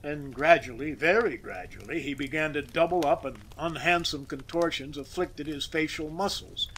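Man, audiobook reader, expressive storytelling, bright tone, slightly high. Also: normal speed, slight background noise, low-quality recording. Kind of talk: scripted narration of a classic story.

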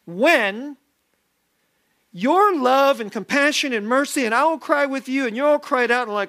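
A man preaching a sermon as pastor, lively and self-deprecating, often laughing as he talks. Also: very high voice, unhurried. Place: church sanctuary.

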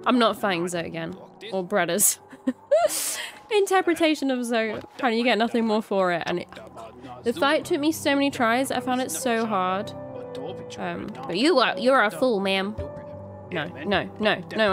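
A young woman, chatting casually while she plays a video game, giggly and quick to swear when excited. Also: mid-range voice, music in the background. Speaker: gaming video creator. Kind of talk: casual let's-play commentary.

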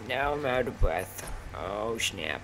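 A man commentating on his own gameplay, excitable and often blurting out exclamations. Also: fairly low pitch, slow, background noise. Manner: excitable, keeps exclaiming "oh snap". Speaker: gaming channel host. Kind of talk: let's play commentary.

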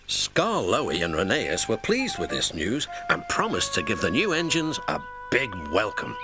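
A British man narrating a children's storybook in an expressive, gentle storytelling manner. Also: lowish voice, a little slow, few pauses. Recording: narration with music behind.

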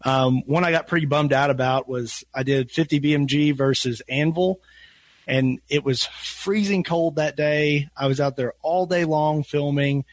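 A man's voice: on the high side, fairly even intonation, normal speed, dry recording. A man with a Western Kentucky accent, chatting easily as a podcast guest, rambling a little and laughing often. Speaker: guest, gun YouTuber. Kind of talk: casual podcast chat.

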